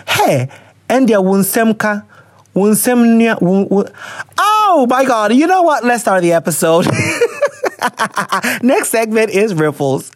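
A man's voice: high voice, big pitch swings, takes it slowly, pauses often, no room sound. A man hosting a podcast, chatting casually and reading listener letters aloud, laughing often and slipping into slang. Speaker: podcast host.

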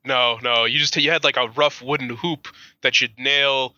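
A man's voice: mid-range voice, steady tone, pushed and bright, no echo, dull audio. A man co-hosting a podcast, joking crudely and riffing on the story in casual banter. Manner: joking, crude, quick to laugh, riffs on the story. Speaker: podcast co-host.

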